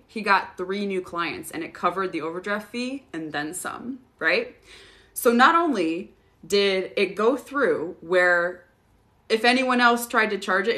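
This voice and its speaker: Bright-voiced woman chatting casually. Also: fairly low pitch. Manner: casual, swears freely, laughs often. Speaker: host answering viewer questions. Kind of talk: casual livestream chat.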